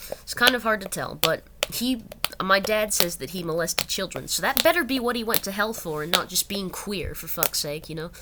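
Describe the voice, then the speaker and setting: A young woman reading an article aloud and breaking off into rambling, self-correcting asides. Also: lowish voice. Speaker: channel host. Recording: loud background noise.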